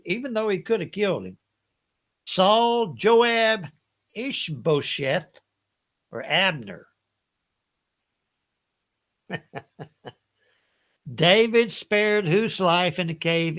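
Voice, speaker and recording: A man's voice: high voice, a bit bright. An older man with a Southern accent hosts a live Bible trivia game, chatting folksily, laughing often and reading each question twice.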